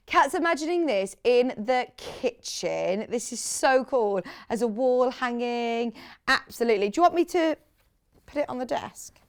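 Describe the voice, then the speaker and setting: Chatty, lively woman selling sewing supplies. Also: a little high, smooth. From United Kingdom. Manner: chatty, enthusiastic, gushing over products. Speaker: shopping channel presenter. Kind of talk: live TV sewing product demonstration. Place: TV studio.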